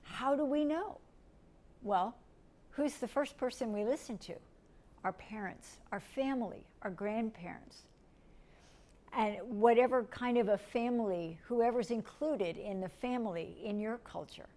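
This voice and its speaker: A middle-aged woman from the United States, teaching a lecture in a gentle, step-by-step way and asking her listeners questions. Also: on the high side, unhurried. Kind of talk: recorded lecture.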